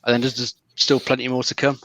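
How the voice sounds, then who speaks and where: Fast, bright-voiced man chatting. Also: medium pitch, no echo. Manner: relaxed, explains at length with frequent restarts. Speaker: regular panelist. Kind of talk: casual gaming chat.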